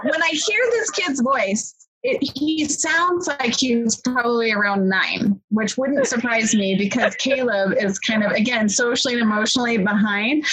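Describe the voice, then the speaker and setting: A woman's voice: a little high, a bit bright, husky, rough recording. A woman co-hosting a casual parenting chat, talking in a rambling way with many fillers. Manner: chatty, rambling, lots of fillers. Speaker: podcast co-host, parent.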